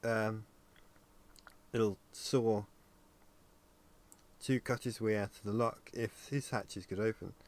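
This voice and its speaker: A tired man chatting casually on a livestream while he works on 3D animation, thinking aloud with frequent pauses and ums. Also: on the low side, fairly even intonation. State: tired and yawning. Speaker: 3D animator livestreaming his work.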